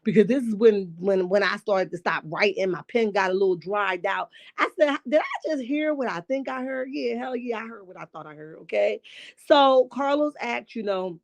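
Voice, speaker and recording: A woman hosting a reality-show recap, talking in a casual, sassy and profane way, her voice a bit raspy this morning. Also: medium pitch, animated, normal speed. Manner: sassy, profane, rhetorical asides with "okay?" and "right?". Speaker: reality TV commentary host.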